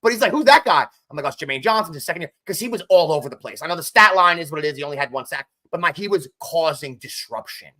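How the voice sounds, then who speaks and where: A man's voice: a little high, racing, hardly any pauses, sharp tone. A man co-hosting a casual sports podcast, talking animatedly and often turning to his co-host by name.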